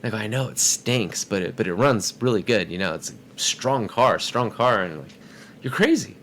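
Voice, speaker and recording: A man's voice: fairly low pitch, brisk, a little hiss or hum. A man telling a story in a casual podcast chat, acting out the voices of people in it. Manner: animated, acts out quoted voices. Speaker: podcast guest.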